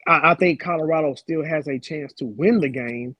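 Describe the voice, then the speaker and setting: Husky guy co-hosting sports talk, kinda high, trips over his words. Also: moderate pace, pushed and bright, dry recording, highs cut off. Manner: loses his train of thought, stammers, apologetic. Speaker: co-host. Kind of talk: casual sports chat.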